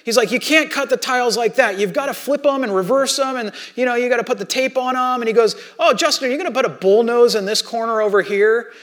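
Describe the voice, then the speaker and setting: A pastor preaching a sermon, telling a self-deprecating personal story in a conversational way and moving between quiet and loud. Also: male voice, very high voice, quick pace, few pauses.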